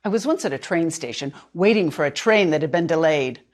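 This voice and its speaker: Woman, language teacher, clear and deliberate, lively rising and falling pitch. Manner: clear, deliberate, slows down for drilled words. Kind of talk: instructional narration.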